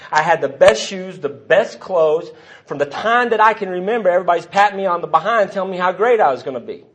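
A man's voice: high voice, slight background noise. A middle-aged man giving a rambling, self-deprecating personal testimony from the podium at a recovery meeting. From Texas.

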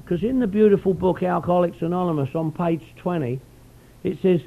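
A man's voice: sits high, a little fast, creaky, narrow, tinny audio. A middle-aged man speaking at a recovery meeting, telling his story in a rambling, folksy way. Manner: rambling, folksy, peppers speech with "you know". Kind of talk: personal storytelling talk.

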